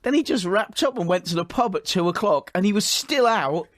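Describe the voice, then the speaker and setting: High-voiced eager radio co-host. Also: male voice, lively intonation, brisk, a bit bright, dry recording, studio quality. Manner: eager, keeps cutting in. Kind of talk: sports radio banter.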